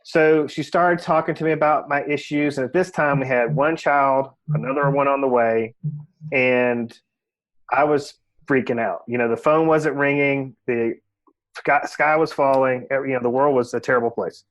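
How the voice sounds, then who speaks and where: A man's voice: medium pitch, steady tone, moderate pace, a bit bright. A man who works as a real estate agent, a podcast guest telling his own story candidly and reflectively, leaning on "you know" fillers. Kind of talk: casual interview storytelling.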